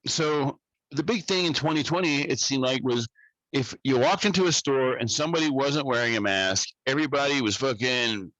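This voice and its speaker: A man telling a story in a casual podcast chat, animated and swearing freely as he rants. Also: medium pitch, moderate pace, dry recording, low-quality recording. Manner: animated, profane, ranting. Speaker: podcast co-host.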